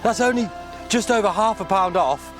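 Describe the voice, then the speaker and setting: A man from England chatting excitedly at a lakeside, laughing and cheering in sing-song bursts. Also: high voice, normal speed. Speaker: angler, show regular. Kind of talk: excited casual chat on camera. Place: outdoors at a lakeside. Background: music.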